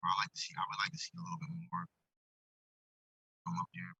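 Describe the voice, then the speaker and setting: A man talking as a guest in a casual video call chat, animated and boastful, still with his morning voice and cutting in and out on a phone mic. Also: a little high, fast, vocal fry, breathy edge, poor audio.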